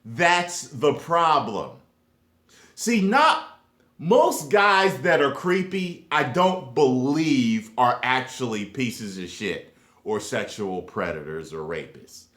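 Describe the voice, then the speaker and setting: A young man rants straight to the camera, his pitch leaping all over as he jumps from loud emphasis down to low, mumbled asides. He talks slowly and drags his points out, and the sound rings a little off the walls of the room. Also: very animated. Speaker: YouTube vlogger. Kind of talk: casual rant to camera. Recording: echoey room.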